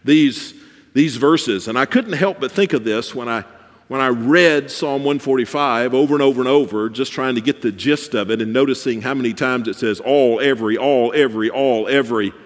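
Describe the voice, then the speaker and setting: A man preaching a sermon in a church, swinging between soft, drawn-out lines and emphatic, rising ones. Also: mid-range voice, long reverb tail. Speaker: pastor.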